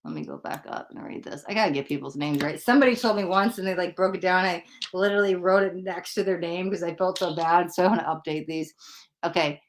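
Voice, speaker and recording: A woman's voice: lowish voice, animated, fast, a little hiss or hum. A woman hosting a live tarot stream who chats casually with viewers, often giggling and poking fun at herself. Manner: giggly, chatty, self-deprecating. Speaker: livestream tarot reader. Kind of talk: casual livestream chat.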